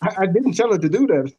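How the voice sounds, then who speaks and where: A man in a group video call, speaking hesitantly with many pauses and restarts. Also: high-pitched, warm tone, breathy edge, dull audio. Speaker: group participant.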